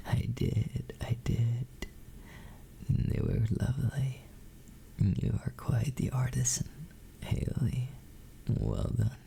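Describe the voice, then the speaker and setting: A man in a whispered role-play, his voice very gravelly and dark as he murmurs slowly to his listeners. He speaks in fond, doting whispers with a lilting rise and fall. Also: mid-range voice. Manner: slow, doting whispers, calls listeners sweetheart. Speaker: streamer greeting chat.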